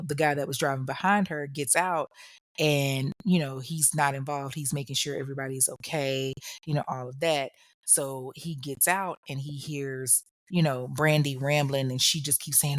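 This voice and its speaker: This true crime podcast host has a notably low female voice and a moderate pace. She recounts events casually and with slang, addressing the listener directly like a friend. The sound is close and dry on the mic, with no room sound.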